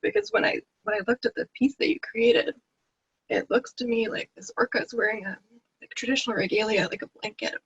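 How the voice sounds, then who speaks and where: A woman's voice: a little high, big pitch swings, fairly quick, breathy edge, no room sound, highs cut off. A woman speaking on a webinar panel as a book contributor, earnest and heartfelt, over a video call. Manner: earnest, heartfelt, tearful at times. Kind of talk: emotional webinar panel talk.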